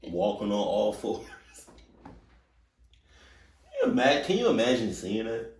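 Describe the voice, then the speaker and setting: A man hosting a reaction video in casual commentary, animated and repeating rhetorical questions. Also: on the low side, a little slow, far from the mic. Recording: roomy sound from off mic.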